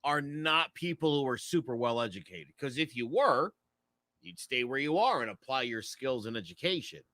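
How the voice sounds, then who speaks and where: American male co-host, bright tone, animated swings in pitch, joking and opinionated. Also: moderate pace, no echo. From United States. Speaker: podcast co-host. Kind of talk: casual chat.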